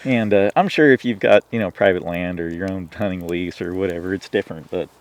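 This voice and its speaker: A man's voice: low voice, fairly quick. A man from Washington State, a podcast guest telling a hunting story in casual conversation, rambling with frequent restarts and fillers. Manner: rambling, lots of "you know" and restarts. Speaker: podcast guest, turkey hunter.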